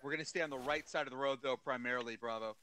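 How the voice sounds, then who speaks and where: A man's voice: mid-range voice, racing, pushed and bright, a little hiss or hum. A man leading a platoon in a military shooter, giving profane orders over voice chat on a headset. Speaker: platoon leader in a military game. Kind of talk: radio-style squad commands while gaming.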